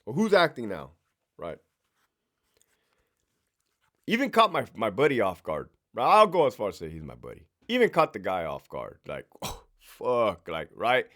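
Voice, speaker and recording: A middle-aged man spins blunt, profanity-laced stories from his prison days, and his pitch rises and falls with lively swings. His delivery is casual, direct and animated. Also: moderate pace, long pauses. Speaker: former prison sergeant telling stories. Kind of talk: casual storytelling monologue.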